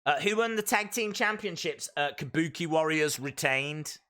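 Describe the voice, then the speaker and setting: High, bright-voiced man reacting live. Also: normal speed. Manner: excitable, reacting as it happens, calling moves. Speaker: live stream host. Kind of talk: live watch-along reaction commentary.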